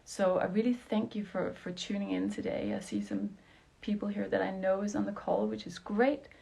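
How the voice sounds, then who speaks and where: A woman's voice: mid-range voice, animated, normal speed, gravelly, dark tone, slightly rough. A woman from Denmark, hosting a casual online interview over a video call and giving lots of encouraging agreement. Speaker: host.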